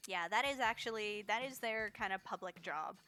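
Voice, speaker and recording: A woman's voice: mid-range voice, moderate pace, pushed and bright. A woman giving playful, chatty live-stream commentary while speedrunning a game, tossing jokey asides to her chat.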